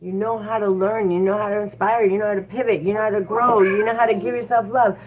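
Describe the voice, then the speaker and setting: A woman's voice: medium pitch, fairly even intonation, fast. A woman giving a casual livestream tarot reading, chatty and encouraging, with frequent fillers. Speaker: tarot reader. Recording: tinny phone-like audio with faint noise.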